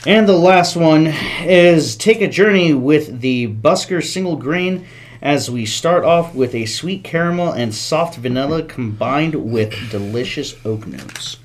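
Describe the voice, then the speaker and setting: A man's voice: fairly high pitch, animated, a little slow. A man co-hosting a podcast in casual chat, making crude jokes and reading product labels aloud with stumbles. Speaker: podcast co-host.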